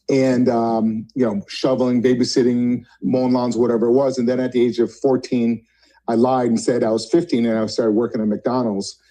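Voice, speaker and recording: Mellow-voiced man in his fifties telling stories. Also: mid-range voice, rough recording. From Vermont. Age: 50s. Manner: rambling, self-correcting, acts out phone dialogue. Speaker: guest speaker. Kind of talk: casual storytelling on a video call. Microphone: video call.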